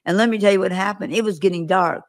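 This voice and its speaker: A woman's voice: medium pitch, quick pace. A woman guest on an interview show, earnestly recounting visions and stories with vivid detail. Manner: earnest, vivid storytelling with acted quotes. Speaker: guest prophetic minister.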